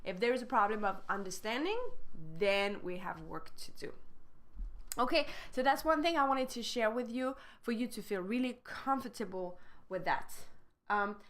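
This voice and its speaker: A woman's voice: on the high side, lively intonation, moderate pace, fairly bright tone. A woman with a French accent giving a casual, chatty live-streamed French lesson, switching between French and English and laughing often. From France. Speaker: French teacher.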